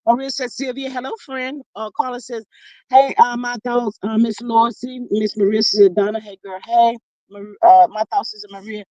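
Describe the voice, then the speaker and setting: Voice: moderate pace, dry recording, low-quality recording. Folksy livestream host calling everyone honey. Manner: folksy and chatty, calls viewers honey and child; animated, with sudden jumps in pitch and bursts of speed. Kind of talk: casual chat, reading out live chat comments.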